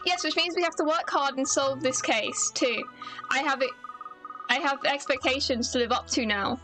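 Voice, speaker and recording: A woman's voice: high-pitched, normal speed, over music, natural voice. Woman reading as an eager young British sidekick.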